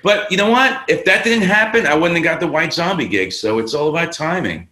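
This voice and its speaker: A streetwise Bronx drummer, swearing freely and slipping into the voices of the people in his stories. His voice is bright and forceful. The room around him is roomy and echoing. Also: on the high side, lively intonation, a little fast. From New York, the Bronx. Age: 50s. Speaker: guest drummer. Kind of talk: casual storytelling interview.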